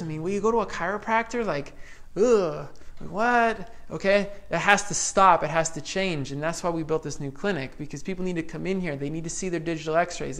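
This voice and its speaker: A man who works as a chiropractor, giving an energetic motivational health talk to a live audience. He speaks emphatically in casual, slangy phrases and repeats his key lines. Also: on the high side, vocal fry.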